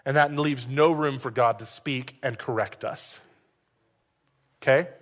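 A male pastor giving a sermon in a conversational, joking way, with quick asides to the congregation. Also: mid-range voice, a bit bright. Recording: long hall reverb.

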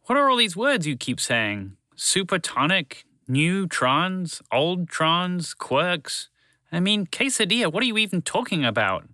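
A man's voice: sits high, big pitch swings, a little slow, sharp tone, no echo, clean studio sound, pitched above the performer's own voice, heavily acted. A man voicing a confused, blunt male frog in a storybook. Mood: baffled. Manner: baffled, rambling.

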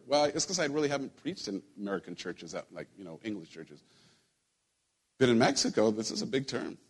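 Husky guy preaching a laid back sermon, chatty, jokes with the church, stumbles and repeats words. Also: mid-range voice. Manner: conversational preaching, joking with the congregation, repeats words. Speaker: pastor. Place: church sanctuary.

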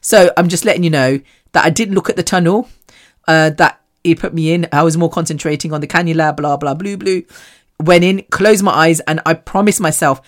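A woman, hosting a solo podcast and telling personal stories in an animated, chatty way, often laughing. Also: moderate pace. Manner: animated and chatty, with frequent laughs and big swings in pitch. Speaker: podcast host.

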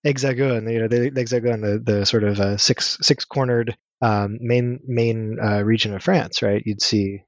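A man's voice: mid-range voice, steady tone, normal speed, hardly any pauses, dry recording. Hesitant man hosting, dull dry sound. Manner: hesitant, many fillers and restarts. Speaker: podcast host. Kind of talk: interview conversation.

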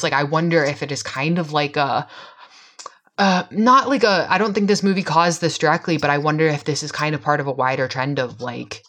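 A woman's voice: extremely low pitch, fairly bright tone. A woman co-hosting a podcast, chatting casually with many fillers and frequent giggles. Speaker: podcast co-host.

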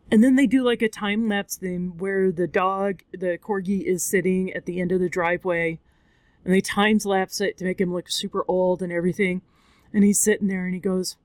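A woman hosts a podcast, recapping a movie in casual, candid talk while tearful and crying. Her medium-pitched voice moves at normal speed with no room sound, and she swears often and acts out voices.

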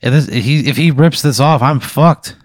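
Excitable, foul-mouthed man. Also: mid-range voice, no room sound, studio quality. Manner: profane, excitable, quick to protest. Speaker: co-host answering a hypothetical. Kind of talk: improvised comedy banter.

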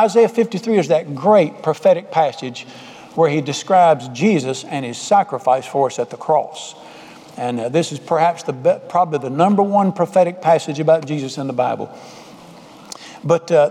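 A man's voice: fairly high pitch, animated, fairly quick, mellow. A man preaching a sermon as pastor in a folksy, conversational way, repeating his phrases. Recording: long hall reverb.

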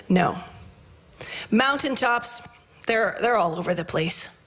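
A woman pastor preaching a sermon in church, swinging between impassioned shouts and hushed, conversational storytelling. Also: medium pitch, expressive, slow, long pauses, a little hiss or hum.

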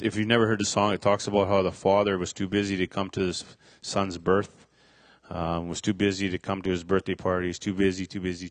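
A middle-aged man telling a personal faith testimony, halting, with many fillers and restarts. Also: deep voice, no room sound. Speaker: speaker sharing a testimony.

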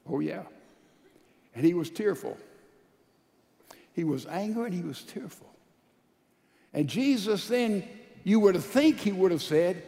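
A man, a pastor, preaching a sermon with emphatic swings between loud and soft delivery. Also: sits high, big-room sound.

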